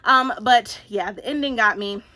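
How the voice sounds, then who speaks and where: A young woman giving a casual, animated book-review rant, exclamatory and swearing freely. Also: on the high side, normal speed.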